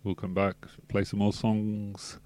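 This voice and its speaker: A man's voice: lowish voice, completely flat delivery, measured pace, darkish tone, no echo. A man, a radio DJ rambling through a laid-back sign-off with many fillers. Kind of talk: casual radio sign-off chat. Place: radio studio.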